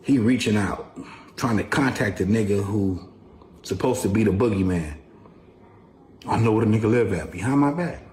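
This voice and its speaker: A man's voice: on the low side, normal speed, long pauses, a little mellow. A man bluntly telling a threatening street story in a played clip. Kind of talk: casual storytelling. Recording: echoey clip with faint noise.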